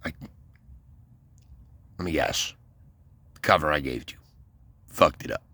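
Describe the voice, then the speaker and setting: Guy doing his ex, flustered young woman, halting, super deep voice, dry sound. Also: bright, forceful tone, husky, dry recording, exaggerated voice. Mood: sheepish. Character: young adult woman, apologetic, flustered ex-girlfriend.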